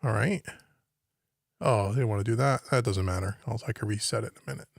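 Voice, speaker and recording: On a live stream from his home studio, a man walks through recording software, thinking aloud and puzzling over what appears on screen. His voice is fairly low and gravelly, his pace brisk, and the recording dry with studio quality.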